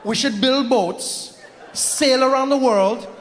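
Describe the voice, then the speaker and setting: A man voicing a laid-back guy lounging on a Caribbean beach, playful and drawling as he pitches a wild plan. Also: takes it slowly. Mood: scheming. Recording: live hall with audience.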